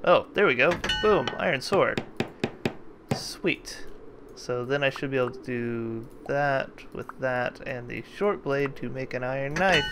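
A man's voice: mid-range voice, measured pace, gravelly, background noise. A man hosting a let's play, giving casual, jokey gameplay commentary and thinking aloud as he plays.

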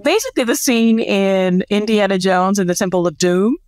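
A woman co-hosting a podcast, telling a story in a casual, animated chat with laughter and self-deprecating asides. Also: medium pitch, moderate pace, no room sound. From United States. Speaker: podcast co-host.

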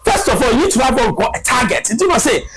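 A fiery man with a Ghanaian accent speaks in a high, swooping voice that leaps between lows and highs. He fires off shouted rhetorical questions and drops into Twi phrases. A loud music bed plays right under his words. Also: animated, very fast, low-quality recording. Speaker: political commentator. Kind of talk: impassioned political speech.

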